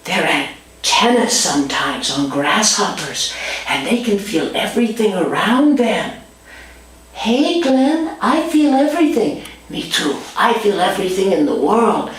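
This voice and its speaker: A woman telling a story aloud in a lively performed style, switching voices for her characters. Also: measured pace, heavy reverb, a little hiss or hum, poor audio. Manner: animated, voices many characters with big pitch jumps.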